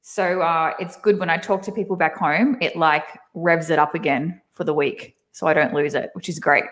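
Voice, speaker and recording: Young woman, strong Aussie accent, low-set voice, chatty storyteller on a home video call. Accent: Australian. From Australia. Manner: chatty, animated storytelling with quick laughs. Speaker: guest. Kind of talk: casual interview chat.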